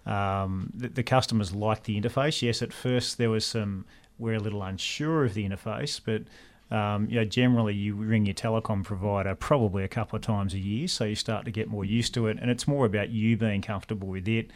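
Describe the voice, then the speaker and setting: A man's voice: fairly low pitch, steady tone, brisk. A man explaining speech technology in casual panel chat, enthusiastic and full of fillers. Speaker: guest, speech technology specialist.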